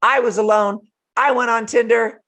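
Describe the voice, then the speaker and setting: An older woman hosting a live motivational talk from home, animated and playful, laughing often between remarks. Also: on the high side, moderate pace. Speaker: host.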